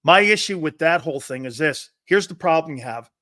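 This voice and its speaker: A man's voice: on the high side, animated, a little fast, sharp tone, dry recording, clean studio sound. Blunt, emphatic male sports-talk host. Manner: blunt, emphatic, says "man" often.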